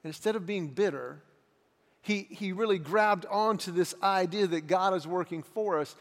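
High-voiced middle-aged pastor preaching. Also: male voice, normal speed. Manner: animated storytelling, acts out quoted voices. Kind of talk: sermon. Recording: echoey hall reverb.

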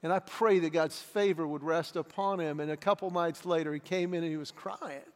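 A middle-aged man preaches with a high, bright tenor voice, telling stories with lively energy and acting out the people he quotes. His sermon rings out with a long reverb, as if in a large church sanctuary. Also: fairly quick. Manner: animated storytelling, acts out quoted voices. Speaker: pastor. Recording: echoey hall reverb.

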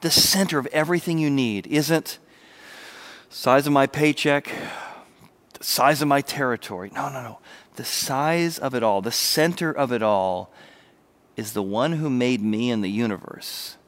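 Male pastor, mid-pitched, energetic sermon delivery with hushed intimate moments. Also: a little slow. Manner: animated preaching, drops to soft intimate voice.

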